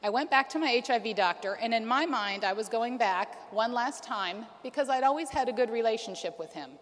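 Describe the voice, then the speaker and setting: A woman's voice: on the high side, expressive, fairly quick. A woman in her forties giving an earnest personal testimony at a conference, with frequent ums and restarts. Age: 40s. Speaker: conference speaker. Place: conference hall. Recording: reverberant hall.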